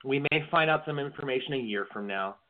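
A man's voice: mid-range voice, animated, brisk. A man co-hosting a casual political podcast, rambling and often repeating words as he starts a sentence. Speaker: podcast co-host. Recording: tinny phone-like lo-fi audio.

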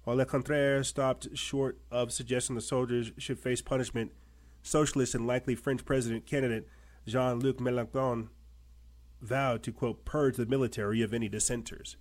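A man's voice: mid-range voice, flat delivery, normal speed. A man with a mid-range voice hosts a commentary show, reading articles aloud. He punctuates them with pointed rhetorical questions. He drives his points home by repeating himself. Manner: emphatic, repetitive rhetorical questions.

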